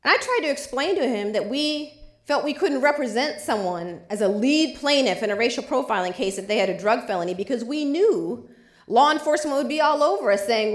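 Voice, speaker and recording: A woman's voice: on the high side, lively intonation, fairly quick, roomy sound. A woman lawyer giving a lecture, telling a vivid personal story. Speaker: civil rights lawyer. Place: lecture hall.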